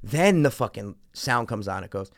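A man telling a story in casual chat, animated and profane, acting out the other people's voices. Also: on the low side, moderate pace, no room sound, studio quality.

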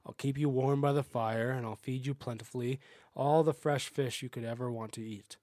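A man's voice: mid-range voice, fairly even intonation, normal speed, mellow, no room sound, studio quality, close to an everyday voice. A man voicing a headstrong young fisherman in love, speaking in an earnest, pleading way.

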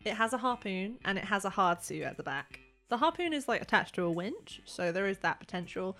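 A woman running a tabletop game, describing scenes and calling for dice rolls. She talks in a loose, chatty way, full of little fillers. Soft music plays faintly behind her. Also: mid-range voice, lively intonation, brisk. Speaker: game master.

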